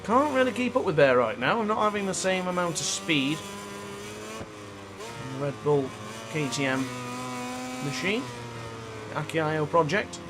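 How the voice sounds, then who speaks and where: This gaming streamer, a man with a voice on the high side, speaks unhurriedly and pauses often, with noise behind him. Narrating his own race like an excitable sports announcer on a livestream, he keeps bursting out in frustration.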